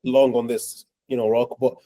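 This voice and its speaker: A man's voice: medium pitch, little pitch movement, moderate pace, mellow, a little hiss or hum, rough recording. A man hosting an interview, enthusiastic and teasing as he praises his guest and asks questions. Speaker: host.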